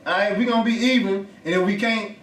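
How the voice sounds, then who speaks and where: A man's voice: sits high, fairly even intonation, fast, fairly bright tone. Man, podcast co-host, emphatic profane banter, roomy sound, mic at a distance. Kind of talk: casual chat.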